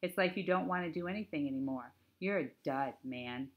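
A woman's voice: low-pitched, a little fast, narrow, tinny audio, close to an everyday voice. A woman reading an audiobook, voicing a brash teenage boy who teases his friend. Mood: teasing. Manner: teasing, mocking.

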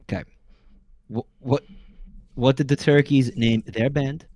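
Weary deadpan man reading jokes. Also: medium pitch, unhurried, slight background noise. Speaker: stream guest reading jokes. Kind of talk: casual stream chat.

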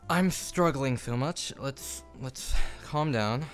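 A man's voice: medium pitch, takes it slowly, few pauses, faint music behind. A young man filming a casual vlog in his home kitchen on a phone, flustered and self-mocking as he swears through a build. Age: young adult. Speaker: YouTuber. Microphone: phone camera.

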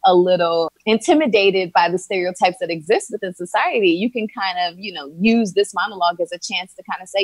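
A woman's voice: mid-range voice, fairly quick, hardly any pauses, no echo. A woman from Philadelphia, an actress and writer, talking earnestly in an interview and thinking aloud as she goes. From Philadelphia, USA. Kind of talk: interview conversation.

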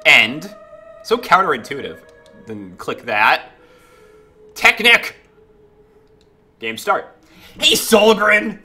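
A man's voice: fairly high pitch, very animated, slow pace, pushed and bright, slightly rough. A man chatting casually while streaming a game, greeting viewers and reacting to it. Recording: game music playing behind. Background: faint game music.

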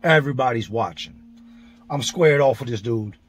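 Speaking at a normal pace in a medium-pitched voice with a breathy edge, a man vlogs about his prison past. He's blunt and profane, full of street slang, narrating the events in order with a vivid, blow-by-blow feel.

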